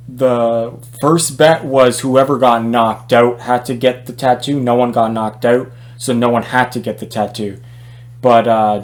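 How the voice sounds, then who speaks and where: Casual, opinionated male boxing vlogger. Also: medium pitch. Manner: conversational, opinionated, many fillers and restarts.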